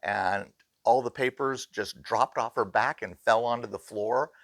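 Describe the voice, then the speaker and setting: A middle-aged man casually telling ghost stories as an innkeeper, lively and acting out the voices of the people he quotes. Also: mid-range voice, unhurried, no room sound, studio quality. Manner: animated, acts out quoted voices. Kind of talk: casual storytelling.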